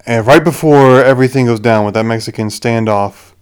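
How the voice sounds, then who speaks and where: A man's voice: medium pitch, fairly quick, clear, resonant tone. A young man hosting a podcast, rambling through a casual movie review with frequent restarts. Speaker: podcast host.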